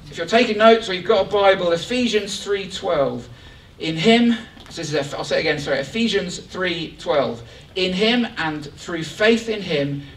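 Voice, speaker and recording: A man preaching a lively, joking sermon to his church congregation. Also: sits high, slight background noise. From England. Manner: animated, joking, rising excitement. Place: church hall. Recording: echoey church hall from far off.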